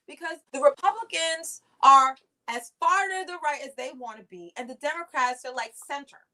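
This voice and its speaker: A woman hosts a casual livestream from her living room in a high, bright voice. She talks in an animated, profane way. Her mocking asides come thick and fast. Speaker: livestream host.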